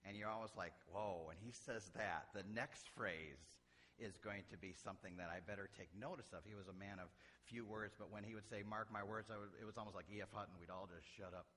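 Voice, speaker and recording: A man's voice: fairly low pitch, a little fast, fairly bright tone, slight background noise. A middle-aged man from Illinois, a pastor preaching a sermon with folksy, humorous stories. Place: church sanctuary. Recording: church hall reverb.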